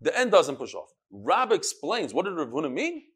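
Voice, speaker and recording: A man teaching a Talmud class, explaining the text in an animated way, calling on students and reading Aramaic phrases in a singsong. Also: fairly high pitch, moderate pace, breathy edge. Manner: animated, switches between English and chanted Aramaic phrases, calls on students. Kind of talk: lively classroom Gemara lesson.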